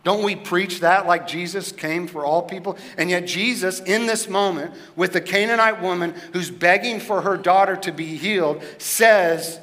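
A pastor delivers his sermon with a bright, forward tone and a slightly high pitch for a man. He talks in a loose, conversational way and often turns questions back to his listeners. His voice carries a long reverb tail from a large church hall. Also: moderate pace, few pauses. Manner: conversational, asks the congregation questions.

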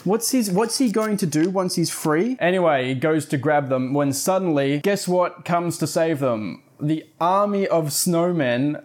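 A man's voice: a little high, unhurried, hardly any pauses. A man casually recapping a story, rambling with fillers and wry asides.

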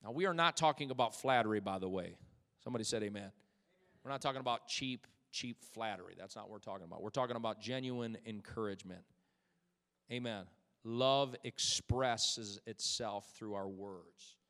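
Pastor preaching in a reverberant hall. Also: male voice, lowish voice, moderate pace. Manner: swings from loud exhortation to soft intimate storytelling. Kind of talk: sermon. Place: church sanctuary.

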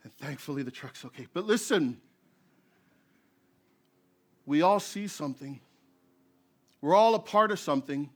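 Animated storytelling pastor, man. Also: a little high, unhurried, long pauses. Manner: storytelling, animated, acts out scenes. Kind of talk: sermon.

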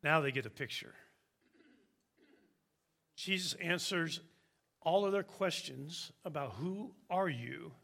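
A man preaching a sermon, slow and emphatic, with dramatic pauses. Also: on the high side, vocal fry, a bit bright.

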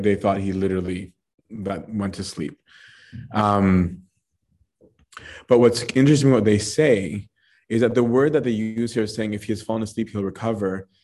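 A man's voice: lowish voice, mellow. A man teaching a Bible passage in a casual, conversational way, often tagging his points with "right?" and "like". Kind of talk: casual Bible study talk.

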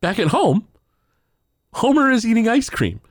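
A man's voice: very high-pitched, big pitch swings, a little slow, no room sound, clean studio sound. A man co-hosting a podcast in casual chat, retelling scenes loosely with many fillers and laughs. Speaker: podcast co-host recapping an episode.

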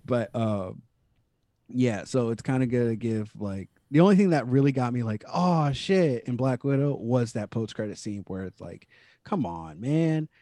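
A man co-hosting a casual chat, rambling with lots of fillers and quick laughs. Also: medium pitch, expressive, mellow, dry recording. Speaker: podcast co-host.

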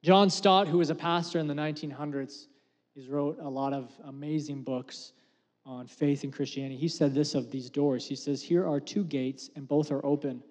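A man in his thirties preaching in a church hall. His voice sits high, and he moves from loud, emphatic declarations to hushed asides. A long reverb trails each phrase. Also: steady tone, normal speed. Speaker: pastor. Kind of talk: sermon.

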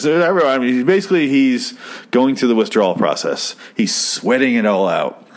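A young man recapping a TV episode in a casual, rambling, profane commentary, getting excited as he goes. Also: mid-range voice, a little fast. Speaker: show host.

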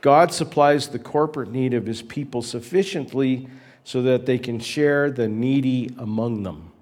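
This sermon comes from a man who sounds like a pastor speaking to his flock, his middle-pitched voice carrying a darkish tone. Earnest and measured, he leaves pauses between phrases and drives his point home by repeating key words.

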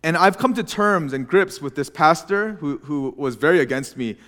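A young male pastor preaches in an earnest, confessional way, often restarting his sentences. His voice sits high for a man. It carries a long reverb from a large church hall. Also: animated, moderate pace, a bit bright. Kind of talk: sermon.

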